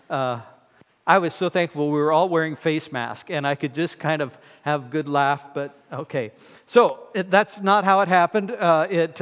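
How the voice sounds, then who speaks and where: A middle-aged man preaching a sermon in a church, conversational and wry, with filler words. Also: a little high. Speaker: guest preacher. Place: church sanctuary. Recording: long reverb in a church hall.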